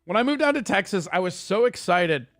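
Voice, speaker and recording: A man hosting a casual livestream, ranting at his chat in a quick, profane and heated way. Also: sits high, animated, a crowd in the background. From Italian heritage. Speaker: streamer host.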